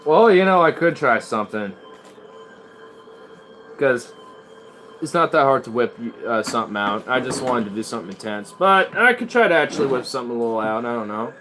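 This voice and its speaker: A man's voice: medium pitch, expressive, fairly quick, sharp tone, slight background noise. Rambling, casual young-sounding man. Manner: rambling, swears freely. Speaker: streamer playing guitar. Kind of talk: casual chat.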